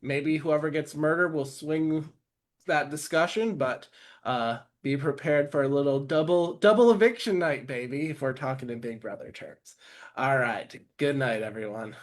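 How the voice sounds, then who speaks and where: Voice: medium pitch, steady tone, a little slow. Casual game host with loose fillers. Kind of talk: hosting an online game.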